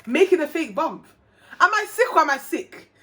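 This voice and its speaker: A woman's voice: sits high, moderate pace. Chatty young woman vlogger. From England. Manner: chatty, animated, acts out quoted dialogue. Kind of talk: casual storytelling to camera.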